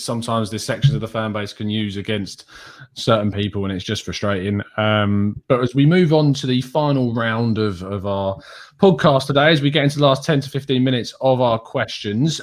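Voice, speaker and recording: A man hosting a live podcast, moving the panel through viewer questions in a brisk, moderating way. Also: medium pitch. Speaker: podcast host.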